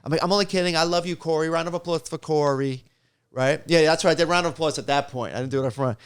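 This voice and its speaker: A middle-aged man, a stand-up comic, telling animated stories in a casual chat and acting out the voices in them. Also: fairly high pitch, fast talker, clean tone.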